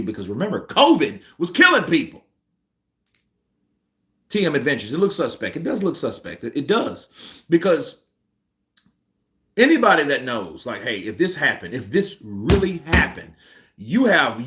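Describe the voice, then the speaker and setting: A man's voice: a little high, sing-song, normal speed, long pauses, pushed and bright. A man hosting a boxing commentary stream, venting heatedly with emphatic repetition. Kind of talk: ranting live-stream commentary.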